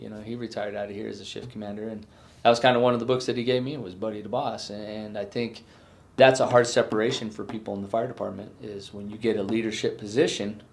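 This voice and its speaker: Middle-aged guy, retiring fire chief, lowish voice, earnest, keeps restarting his sentences. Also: creaky. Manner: earnest, halting, with many restarts and fillers. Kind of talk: reflective exit interview.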